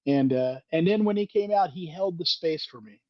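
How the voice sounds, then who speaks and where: A man telling a story in a self-deprecating way on a podcast, lively and candid. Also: on the high side, normal speed, no echo, muffled recording. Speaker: podcast guest, Freemason author. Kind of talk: casual storytelling conversation.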